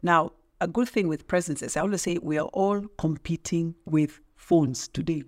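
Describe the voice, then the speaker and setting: A woman's voice: low voice, normal speed. A middle-aged woman speaking as a podcast guest, an emphatic, teacherly trainer who asks rhetorical questions. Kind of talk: casual podcast interview.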